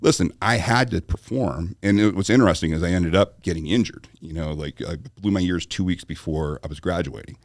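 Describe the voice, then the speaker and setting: A man with a very low, deep voice tells a long story as a podcast guest. He is animated and acts out the voices of people in his story. The sound is dry and close. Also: brisk, hardly any pauses, no room sound. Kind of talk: storytelling in conversation.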